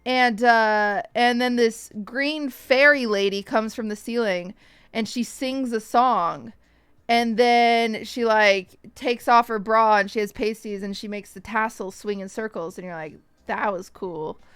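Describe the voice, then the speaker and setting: A woman streamer telling a story to her chat in a casual, animated way, swearing often and acting out the voices of people she quotes, with hiccups. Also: a little high, clean tone, dry recording, studio quality.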